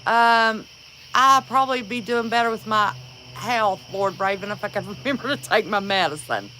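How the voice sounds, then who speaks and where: A woman's voice: medium pitch, normal speed, pushed and bright, slight background noise, poor audio. A woman hosting a casual livestream, chatting and greeting viewers by name and calling them honey. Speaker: livestream host.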